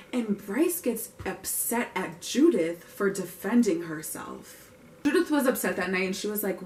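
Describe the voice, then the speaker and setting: A woman's voice: mid-range voice, expressive, a little slow, a little hiss or hum. Young woman recapping a movie, chatty and opinionated, kinda far from the mic, echoey room. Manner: chatty, opinionated, with wry asides. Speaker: vlogger reviewing a film. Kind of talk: casual film recap and opinion. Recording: roomy, distant mic.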